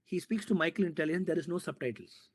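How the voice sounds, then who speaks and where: A man, a filmmaker from India, talking in an interview and excitedly retelling a film scene with sound effects and repetition. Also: a little high, fast. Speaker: filmmaker guest. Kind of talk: animated storytelling in an interview.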